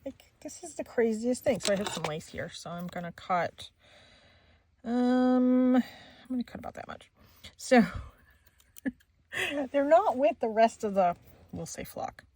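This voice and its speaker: A woman's voice: a little high, expressive, unhurried, pauses often, dark tone, no room sound. A middle-aged woman hosting a crafting channel, chatting casually and laughing often as she tells a story while she works. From Maine, USA.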